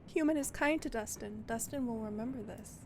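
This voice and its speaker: A woman's voice: on the high side, moderate pace, background noise, pitched above the performer's own voice, lightly acted. A woman voicing a small, timid male possum who speaks in broken, simple phrases and sounds frightened. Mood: grateful. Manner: broken simple speech, fearful.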